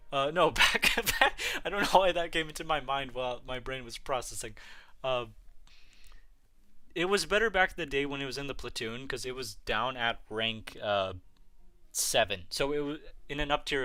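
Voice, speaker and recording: A man with a bright, forceful voice talks casually through a live gaming stream, rambling as he answers viewer messages one after another. His pitch sits in an ordinary middle range. Soft music plays quietly underneath. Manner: rambling, answering chat messages as they come. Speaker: livestream host. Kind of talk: casual gaming livestream chat.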